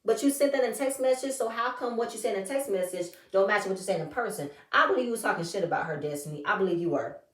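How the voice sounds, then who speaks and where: A woman giving a sassy, animated recap of a reality show and acting out what the cast said. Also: medium pitch, quick pace, far from the mic. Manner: animated, sassy, acts out the cast's quotes. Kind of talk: casual recap chat. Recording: echoey room, a bit off-mic.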